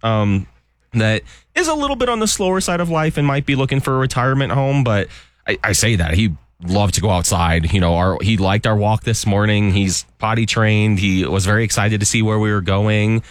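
A man's voice: on the low side, lively intonation, fairly quick, no echo. A man from an animal shelter chatting on a radio show, upbeat and chatty, laughing often. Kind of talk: casual radio chat.

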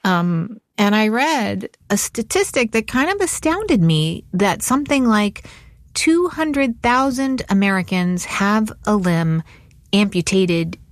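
A woman's voice: medium pitch, lively intonation, slow pace, no room sound, clean studio sound. A woman hosting an interview, asking curious follow-up questions. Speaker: host.

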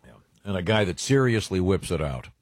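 A man hosting a radio show, chatting casually with halting speech and lots of fillers. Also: low voice, lively intonation, dry recording, clean studio sound. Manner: halting, filler-heavy delivery.

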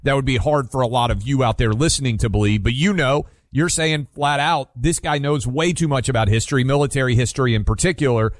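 A man's voice: medium pitch, fast talker, hardly any pauses, no room sound, clean studio sound. Teasing talk radio host, man. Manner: animated, teasing questions. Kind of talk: talk radio chat with callers.

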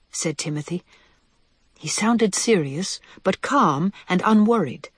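A woman narrating a children's storybook aloud in a measured, expressive way. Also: fairly low pitch, husky, no echo. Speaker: reader.

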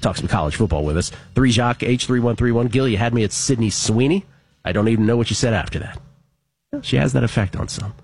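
A man's voice: mid-range voice, fast talker, darkish tone, slightly rough, no room sound. A man hosting a sports talk radio show, chatting casually and reading out listener messages with wry asides.

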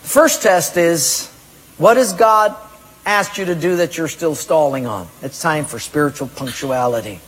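A pastor preaching a sermon, emphatic, acting out people's excuses in a raised voice. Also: male voice, a little high, a little slow, a bit bright, breathy edge, in a large hall, rough recording.

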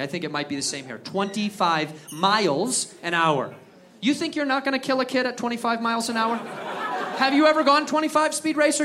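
High-voiced American man doing loud stand-up. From United States. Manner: loud, animated, profane rants with acted-out quotes. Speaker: stand-up comedian. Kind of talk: stand-up comedy set. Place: comedy club stage with a laughing audience. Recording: live club recording, crowd laughter and noise.

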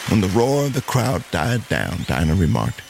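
Gravelly low-voiced male storyteller. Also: sing-song, normal speed, darkish tone, slight background noise. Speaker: narrator. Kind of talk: storytelling narration.

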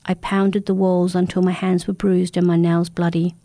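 A woman reading a first-person folktale aloud, telling it in a steady, dramatic way. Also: lowish voice, normal speed, no room sound. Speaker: narrator. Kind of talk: first-person storybook narration.

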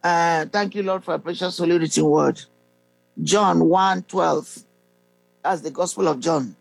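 A preacher gives slow devotional teaching and leads a guided prayer. The voice is gravelly and unhurried, with frequent pauses and throat clearing between phrases of scripture. It sounds close and dry, with no room around it. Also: medium pitch, dry recording, soft background music, rough recording. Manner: reads scripture aloud, pausing with fillers and throat clearing.

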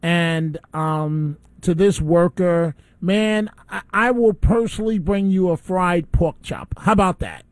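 A man's voice: high-pitched, slow pace, hardly any pauses, no echo. A man hosting a call-in radio talk show, ranting indignantly between calls. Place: radio studio.

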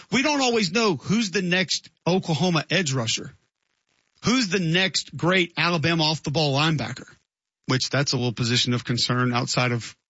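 A man's voice: on the high side, sharp tone, husky, no room sound, lo-fi sound. A man hosting a sports radio show, giving conversational, opinionated takes. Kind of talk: radio talk show monologue.

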